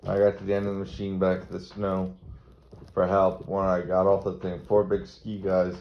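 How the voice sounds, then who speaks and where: A man's voice: low voice, monotone, normal speed. A man from Maryland telling a rambling, crude stand-up story. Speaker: comedian. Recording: dull lo-fi recording with faint noise.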